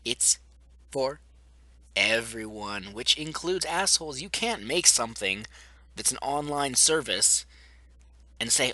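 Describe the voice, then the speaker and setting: A young man rants to his viewers in a sarcastic, profane way. He talks at an unhurried pace, his voice bright and cutting, and his pitch swings a lot. The recording is dry and close, with no room sound. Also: very animated, no echo. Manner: sarcastic, blunt and profane, with mocking mimicry. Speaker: vlogger. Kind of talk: ranting commentary to camera.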